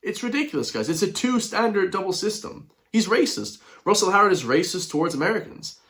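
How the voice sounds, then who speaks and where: A man's voice: high voice, very animated, fairly quick, fairly bright tone. An Irish man giving blunt, indignant commentary on news clips, often turning to his viewers. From Ireland. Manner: indignant, blunt, keeps addressing viewers as guys. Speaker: commentary vlogger.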